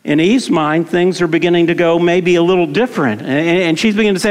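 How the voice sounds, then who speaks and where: Speaking fast with hardly a break, a middle-aged pastor with a slightly high voice preaches conversationally, repeating himself and questioning his listeners. Long hall reverb surrounds him.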